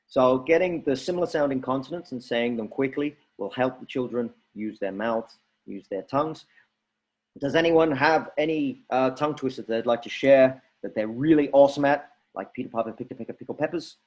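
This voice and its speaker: A man runs a drama workshop for fellow teachers, speaking in an energetic, coaching way. His voice sits at an ordinary middle pitch, and he often breaks into demonstrated vocal exercises. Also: normal speed.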